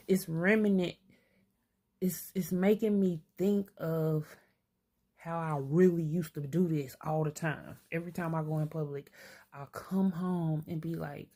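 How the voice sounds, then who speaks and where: An older woman talking candidly to camera, thinking out loud to herself. She is blunt and streetwise and swears freely. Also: deep voice. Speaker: vlogger. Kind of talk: candid self-reflective monologue.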